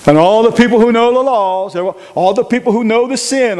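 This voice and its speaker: A man teaching a Bible study as an interactive sermon, animated, asking the group questions and repeating phrases for emphasis. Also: sits high, a little fast, hardly any pauses.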